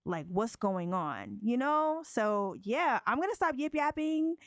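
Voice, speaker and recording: Woman let's play host, animated and slangy, bright-ish voice. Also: fairly high pitch, unhurried, no room sound, clean studio sound.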